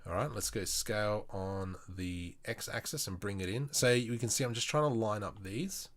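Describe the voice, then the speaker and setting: A man's voice: fairly low pitch, normal speed. An Australian man live-streaming his 3D work, chatting with viewers and thinking aloud as he works. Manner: chatty, thinks aloud, mutters while working. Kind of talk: casual live-stream tutorial.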